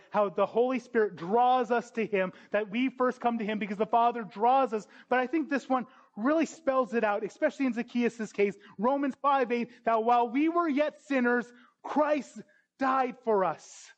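Man, pastor, sermon, high voice, earnest, dull lo-fi recording. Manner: earnest, emphatic, slows down on key phrases. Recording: dull lo-fi sound.

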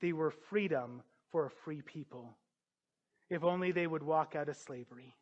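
High-pitched guy preaching, earnest and emphatic, kinda dull lo-fi sound. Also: normal speed. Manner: earnest, emphatic, rising to forceful peaks. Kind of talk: sermon.

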